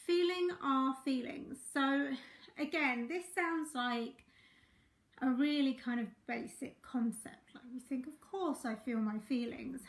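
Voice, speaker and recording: A high-voiced woman talks viewers through a live coaching session, her voice croaky from a sore throat. She talks in an easy, chatty way with plenty of fillers. The sound rings in an echoey room. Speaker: life coach. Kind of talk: live-streamed coaching talk.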